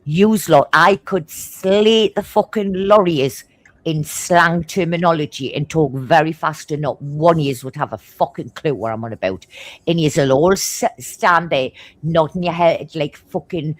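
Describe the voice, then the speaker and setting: A middle-aged woman from Newcastle with a thick Geordie accent and a slightly low voice. She tells stories fast and bluntly, with swearing in nearly every line. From Newcastle, England. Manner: swears constantly, blunt and animated; talks fast. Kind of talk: casual chat, storytelling.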